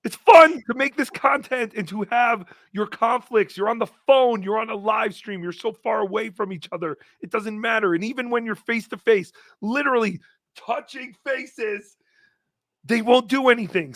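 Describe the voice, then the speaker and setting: Man doing a high, blunt male puppet on a livestream, dry-sounding. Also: normal speed, a bit bright, dry recording. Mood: matter-of-fact. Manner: blunt, dry advice-giving. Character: male puppet guest, blunt and matter-of-fact. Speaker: puppet guest. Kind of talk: livestream chat.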